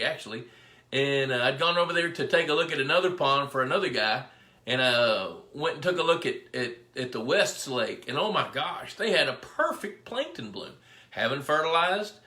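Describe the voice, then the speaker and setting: A man's voice: mid-range voice, sharp tone. Rambling man in an echoey room. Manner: rambling storyteller, greets viewers by name. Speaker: fisheries biologist hosting a live pond Q&A. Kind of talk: casual live-stream chat. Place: indoor room with his dog.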